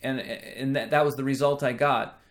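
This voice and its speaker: A man teaching a singing lesson, explaining slowly and checking in with the listener as he goes. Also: mid-range voice, fairly even intonation. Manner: slow, explanatory teaching with frequent "right?" checks. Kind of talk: singing lesson with sung demonstrations.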